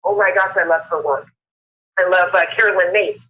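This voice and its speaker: Over a muffled phone line, a Southern California woman hosts a motivational conference call. Her fairly low voice moves a little fast, upbeat and emphatic, repeating phrases for effect.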